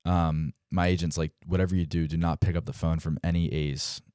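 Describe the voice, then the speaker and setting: This young man, a pro baseball player in his twenties, speaks briskly in a deep, clean-toned voice as a podcast guest. His casual storytelling is animated, full of acted-out quoted dialogue and frequent "like". The clean studio sound has no echo.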